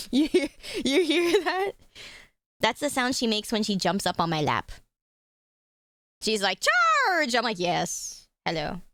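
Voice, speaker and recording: A woman's voice: fairly high pitch, slow, pauses often, no room sound, clean studio sound. A woman streaming live, chatting casually and giggling often, with a casual habit of swearing.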